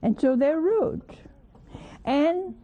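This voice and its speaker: A woman's voice: sits high, animated, drawn-out words, warm tone. A woman giving an informal sermon in a folksy, questioning way, with chuckling asides. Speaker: religious teacher. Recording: tinny phone-like old recording.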